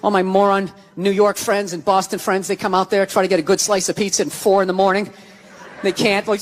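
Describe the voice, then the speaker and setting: A middle-aged man from the US East Coast doing stand-up comedy, ranting and swearing, sometimes shouting. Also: sits high, flat delivery, brisk. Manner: ranting, profane, shouting at times. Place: large live comedy venue. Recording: live venue with long reverb and loud crowd. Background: audience laughter and crowd noise.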